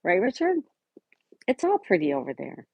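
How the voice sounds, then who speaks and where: A woman hosting a casual live stream, chatting and answering viewers by name, sometimes dropping to a soft whisper. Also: fairly low pitch, huge pitch swings, moderate pace, vocal fry, slightly rough, dry recording.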